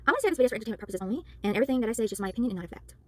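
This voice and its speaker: Rapid-fire, worn-out woman ranting. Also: on the high side, sing-song, no echo. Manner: rapid, exasperated, repeatedly apologizing for yelling. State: tired, worn out. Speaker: spiritual worker and tarot reader. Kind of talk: heated rant to camera.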